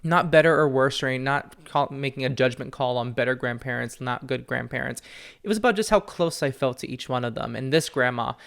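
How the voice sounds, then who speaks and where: A young man hosting a solo podcast from home, talking candidly and earnestly, often with a soft laugh. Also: medium pitch, a little fast, vocal fry, clear, resonant tone. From family from Peru. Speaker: podcast host, psychic medium. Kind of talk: reflective solo podcast talk. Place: at home with his dog.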